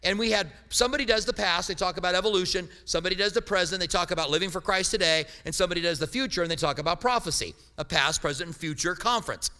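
A man's voice: sits high, fast, hardly any pauses, pushed and bright, long reverb tail. A middle-aged man preaching as a pastor, telling stories with humor and animation. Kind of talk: sermon.

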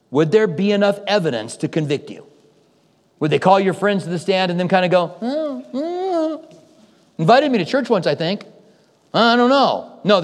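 High-voiced pastor preaching in a reverberant hall. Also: male voice. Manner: conversational storytelling with acted-out quotes. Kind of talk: sermon.

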